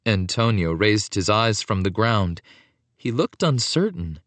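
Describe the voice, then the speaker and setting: Slow, expressive male narrator. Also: lowish voice, dry recording. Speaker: audiobook narrator. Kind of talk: scripted narration.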